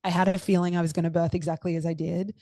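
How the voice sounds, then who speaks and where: A woman's voice: lowish voice, little pitch movement, fast, warm tone. A young woman telling a personal story as a podcast guest, emotional and effusive, with lots of "like" and "you know.". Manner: emotional, effusive, many fillers.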